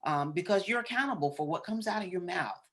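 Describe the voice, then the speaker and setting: A woman with a low voice for a woman hosts a casual interview podcast, speaking fast and animatedly in a fairly bright tone. She keeps things affirming, often murmuring agreement with her guest.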